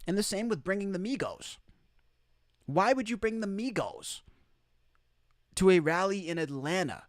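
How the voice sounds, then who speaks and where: A man's voice: sits high, animated, moderate pace, no echo, studio quality. A man hosting an opinion commentary, talking emphatically and incredulously, often repeating his points for effect. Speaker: commentary host.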